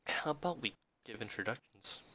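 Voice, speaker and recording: A man voicing a calm grown man who takes charge of a group, talking low, hushed and measured while reading a visual novel aloud. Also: background noise, natural voice. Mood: steady.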